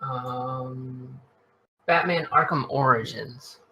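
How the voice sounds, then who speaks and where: A man's voice: mid-range voice, extremely slow, sharp tone, slightly rough. A man chatting on a casual gaming podcast, giggling and apologetic, sharing deals and movie talk. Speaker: podcast co-host.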